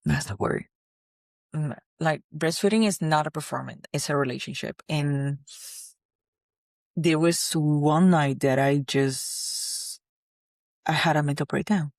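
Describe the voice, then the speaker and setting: A woman's voice: low voice, a little slow, pauses often, a little mellow, no room sound, clean studio sound. A woman, a mother, candidly retelling a personal struggle with many restarts. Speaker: vlogger, mother. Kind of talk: personal storytelling to camera.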